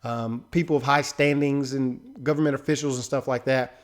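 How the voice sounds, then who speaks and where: A man hosts a casual commentary video on a film trailer, talking loosely and conversationally with frequent asides like "right?" and "you know." His mid-range voice has fairly even intonation at a normal speed.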